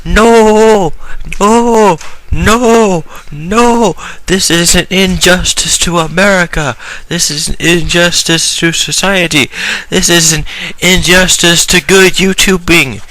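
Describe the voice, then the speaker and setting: Man putting on an outraged shouting boy, high and bright, yells no over and over. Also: steady tone, slow, heavily acted, poor audio. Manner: repeated shouted protests.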